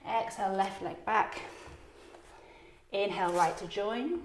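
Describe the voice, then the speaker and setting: Yoga teacher, woman, calm encouraging cues, a bit breathless, echoey room. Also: medium pitch, unhurried, slight background noise. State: slightly out of breath. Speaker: yoga instructor. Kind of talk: guided yoga class instruction.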